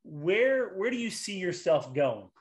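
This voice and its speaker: Brief: male interview host, slightly higher voice, rambling and halting, casual. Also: big pitch swings. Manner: rambling, halting with repeated restarts.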